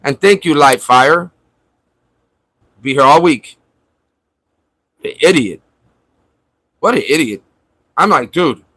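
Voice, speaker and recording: A man's voice: a little high, expressive, takes it slowly, long pauses, fairly bright tone, husky, no room sound, poor audio. A man hosting a livestream in casual chat, ranting mockingly and swearing at a viewer. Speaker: livestream host. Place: at home in Florida.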